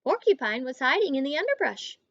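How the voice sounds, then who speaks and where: A woman teacher reading a picture book aloud to children, expressive, stopping to talk to her students. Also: sits high, brisk, no echo, highs cut off.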